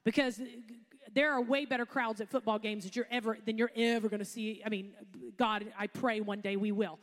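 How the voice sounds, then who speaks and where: Woman pastor, higher voice, casual storytelling sermon, long hall reverb. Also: steady tone, a little fast. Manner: chatty storytelling with laughs and asides.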